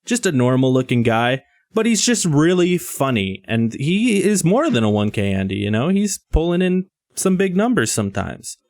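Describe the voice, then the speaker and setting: A man's voice: a little high, big pitch swings, moderate pace, few pauses, darkish tone, no room sound, studio quality. A man co-hosting a casual podcast, talking in a laid-back, self-deprecating way with lots of "like". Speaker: podcast co-host.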